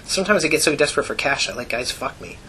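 A man's voice: fairly high pitch, sing-song, quick pace, sharp tone, a little hiss or hum. A man voicing a foul-mouthed, streetwise teenage runaway girl who talks bluntly and crudely. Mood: bitter.

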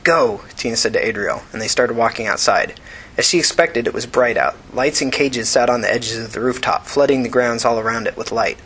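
A man reading a novel aloud as scripted narration, in an even, measured storytelling manner. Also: medium pitch, husky, rough recording. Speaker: audiobook reader.

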